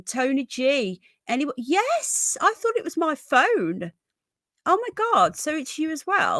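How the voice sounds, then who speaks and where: A woman's voice: a little high, a bit bright, no echo. A woman hosting a casual livestream from home, chatting and greeting viewers with endearments like darling and sweetheart. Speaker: livestream host.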